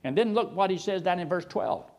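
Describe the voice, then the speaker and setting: A middle-aged man preaching a sermon in an animated cadence that swoops and rises suddenly. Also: sits high, fairly quick.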